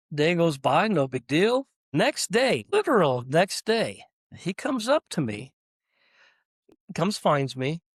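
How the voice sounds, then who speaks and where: Seorang pria pemilik usaha kecil membagikan kisahnya dalam obrolan podcast yang santai. Ia bercerita dengan hidup, sering terkekeh, dan memperagakan percakapan orang lain. Suaranya agak tinggi untuk seorang pria, dan rekamannya kering, dekat ke mikrofon. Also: male voice, a little high, dry recording, clean studio sound. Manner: animated, acts out dialogue, chuckles often. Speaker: small business owner, podcast guest. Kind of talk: casual interview storytelling.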